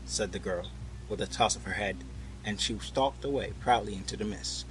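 A man narrating a storybook tale in a measured, unhurried way. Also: fairly low pitch, a bit bright, a little hiss or hum, low-quality recording.

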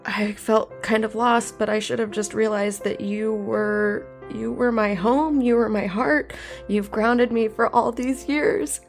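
A woman voicing a devoted young woman saying goodbye to her love, slow and halting, with a gravelly edge in her higher voice. Soft music drifts behind. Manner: slow, halting, emotional confession. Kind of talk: in-character speech in a tabletop game.

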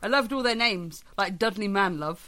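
A woman's voice: mid-range voice, normal speed, pushed and bright. A woman co-hosting a podcast, chatting casually in a rambling, self-deprecating way. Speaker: podcast co-host. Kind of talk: casual chat.

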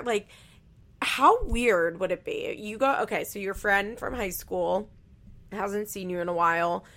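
A woman with a fry-laced, gravelly edge to her voice talks through a reality show in a loose, chatty way. She is blunt, swears freely and leans on "like" between thoughts. Her pitch sits in an ordinary middle range. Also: unhurried, a bit bright. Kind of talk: casual reality-TV commentary.

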